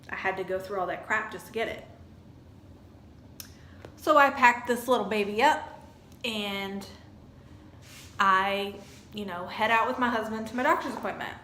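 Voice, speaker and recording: A woman vlogger telling a chatty, animated story about a purchase. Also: mid-range voice, slight background noise. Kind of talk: casual storytelling review. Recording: echoey room with faint ambience.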